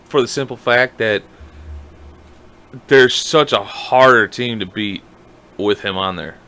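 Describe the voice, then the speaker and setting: A man co-hosting a podcast, talking in an animated, profane, joking way in casual chat. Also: medium pitch, takes it slowly. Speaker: podcast co-host.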